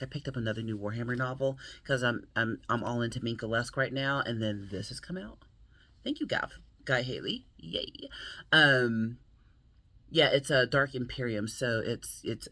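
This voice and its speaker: A woman's voice: rumbling low, a bit bright, breathy edge, no room sound. An American woman hosting her book channel, chatting playfully and laughing often. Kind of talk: casual vlog chat.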